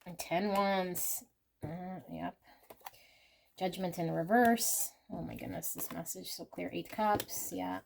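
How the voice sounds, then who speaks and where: A woman's voice: lowish voice, gravelly, a little mellow, slight background noise. A woman reading tarot and oracle cards for viewers, naming each card with effusive, breathless reactions.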